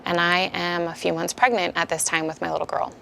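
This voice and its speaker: Low, gravelly woman telling her story. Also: flat delivery, brisk, sharp tone, slight background noise. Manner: candid, emotional storytelling. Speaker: meeting speaker. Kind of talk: personal testimony.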